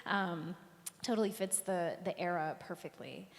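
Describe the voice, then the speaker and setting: A woman's voice: fairly low pitch, normal speed, creaky. A woman coaching a singer in a live masterclass, enthusiastic and chatty, full of "like" and "um". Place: stage before a live audience. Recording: long hall reverb, live auditorium.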